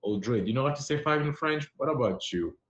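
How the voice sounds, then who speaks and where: A man teaching a live-streamed French lesson, patiently encouraging his viewers and repeating words slowly. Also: mid-range voice, animated, reverberant, lo-fi sound. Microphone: live-stream app.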